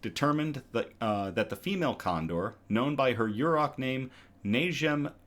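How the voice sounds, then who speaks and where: A man's voice: mid-range voice, lively intonation, moderate pace, a bit bright. A man hosting a casual online news show, reading articles aloud in a conversational way with frequent ums and self-corrections.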